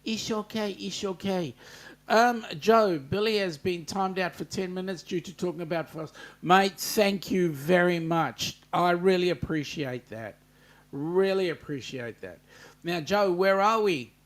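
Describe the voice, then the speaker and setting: A man's voice: sits high, measured pace. An Australian man hosting a casual livestream, chatting loosely with lots of ums and greeting viewers by name. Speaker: livestream host. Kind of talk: casual live-chat greetings.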